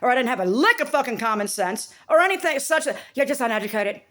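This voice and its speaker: Woman vlogger on a swearing rant, kinda high voice, swings up and down a lot, rambly and fed up. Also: very animated, fast, bright, forceful tone. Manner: rambling, profane and exasperated. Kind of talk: casual rant to camera.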